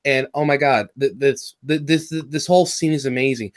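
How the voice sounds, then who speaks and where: A man from California with a Californian accent, co-hosting a casual review chat, rambling and excitable with lots of fillers and restarts. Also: mid-range voice, fairly quick, hardly any pauses. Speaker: podcast co-host reviewing a cartoon episode.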